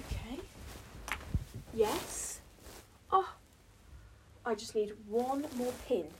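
There's slight background noise as a young woman with a British accent chats at a medium pitch while working on a blanket fort at home. A vlogger with a slight cold, she's a bit out of breath and talks to herself and her pets in a casual solo vlog, often whispering.

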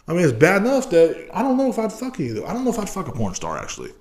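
A man's voice: high voice, huge pitch swings, racing, few pauses, a little mellow. A young man hosting his own podcast, ranting in a crude, rambling and profane way. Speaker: podcast host. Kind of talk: casual rant.

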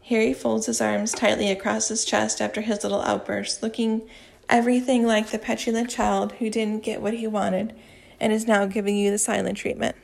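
A woman reading fan fiction aloud in an expressive storytelling voice. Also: mid-range voice, normal speed, creaky. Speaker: reader.

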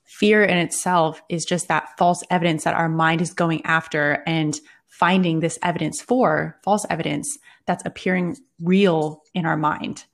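A woman coach explaining ideas earnestly as a guest on a podcast interview. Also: fairly low pitch.

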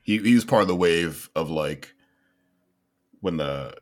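A man's voice: low-pitched, measured pace. A man co-hosting a podcast, talking in a meandering, hesitant way with many ums. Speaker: podcast co-host. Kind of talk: casual podcast chat.

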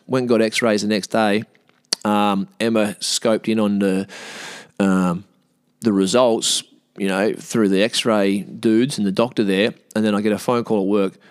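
A man's voice: normal speed, dry recording, studio quality. A young man casually telling a story, swearing freely and acting out the people he quotes. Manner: animated, swears, acts out quoted voices higher.

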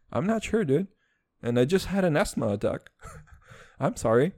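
A man's voice: a little high, a little mellow, no room sound. A young man with an accent between Eastern European and American, hosting a casual solo podcast in a rambling, profane, self-mocking way. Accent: mixed Eastern European and American. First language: Serbian or Turkish. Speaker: podcast host.

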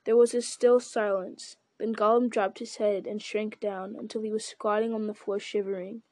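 Woman reading a novel aloud, mellow tone. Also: mid-range voice, flat delivery, moderate pace, dry recording. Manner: plain reading with small stumbles. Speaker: reader.

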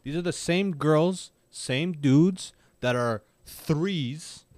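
A man's voice: on the high side, extremely slow, darkish tone, no room sound. Crude joking man, dry sound. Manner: crude joking, bro slang. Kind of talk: casual podcast banter.

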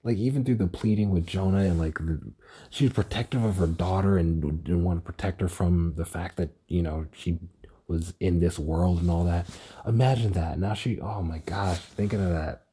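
A tired young man hosts a casual one-person podcast about a TV show, rambling with stutters and swear words. He talks at normal speed in a deep, dark-toned voice that's slightly rough.

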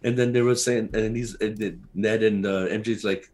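A man's voice: on the low side, steady tone, normal speed, darkish tone. A man in a casual chat, rambling enthusiastically and often restarting his sentences. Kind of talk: casual chat about a movie.

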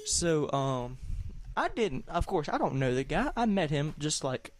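A man's voice: a little high, very animated, a little slow. A young man with a Southern US accent, co-hosting a podcast and telling a long, rambling story. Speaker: podcast co-host. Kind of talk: casual chat.

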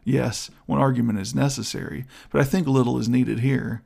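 Male reader as a vengeful young noble; measured, persuasive, gravelly edge. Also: mid-range voice, steady tone, darkish tone. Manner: smooth, persuasive, measured arguing. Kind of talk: audiobook character voice.

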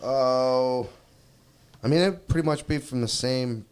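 A man co-hosting a podcast in casual chat, excitable and repetitive, sometimes breaking into snippets of songs. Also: mid-range voice, slow pace, clear, resonant tone. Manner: excitable, repeats himself, bursts into song snippets. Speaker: podcast co-host.

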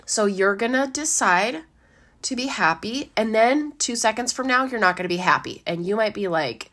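A woman, a life coach giving a gentle, encouraging talk with a slightly dry throat, who laughs often and acts out inner voices. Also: on the high side, animated, moderate pace. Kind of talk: casual motivational talk.

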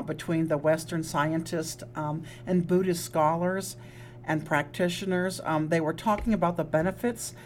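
A woman's voice: on the low side, a little hiss or hum. Earnest woman co-hosting a wellness talk. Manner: earnest, restarts with frequent fillers. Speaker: co-host, psychologist. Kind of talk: casual podcast chat.

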